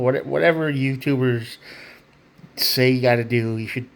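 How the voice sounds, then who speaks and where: A man's voice: medium pitch, moderate pace, creaky. A man giving a tarot reading straight to the viewer, earnest and emphatic. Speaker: tarot reader. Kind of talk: direct-to-camera tarot reading.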